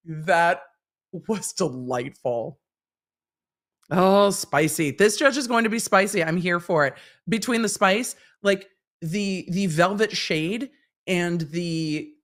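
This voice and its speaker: A woman hosting a livestream, reacting to a court hearing with playful, excitable commentary. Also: lowish voice. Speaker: host, lawyer commentator.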